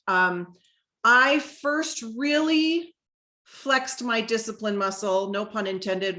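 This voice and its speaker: A middle-aged woman hosting a live motivational talk, telling a personal story and acting out the quoted lines in a higher voice. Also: a bit bright.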